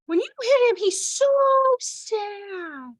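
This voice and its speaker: A woman doing a syrupy grown woman cooing at toddlers in a high, slow, sugary sing-song. The voice is pitched very high and drawn out, as if every word were a treat. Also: lively intonation, dark tone, exaggerated voice.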